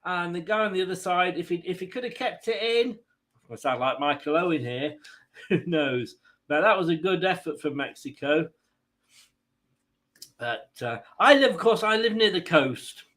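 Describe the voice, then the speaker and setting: A man's voice: high voice, animated, moderate pace, a bit bright. A man hosting a football watchalong stream, mixing live match commentary with rambling, self-mocking jokes.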